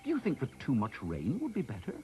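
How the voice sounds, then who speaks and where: A man's voice: medium pitch, wildly swooping pitch, fast, darkish tone, soft background music. A man voicing a prim old woman who makes the weather, speaking in an arch, questioning way in a storybook reading.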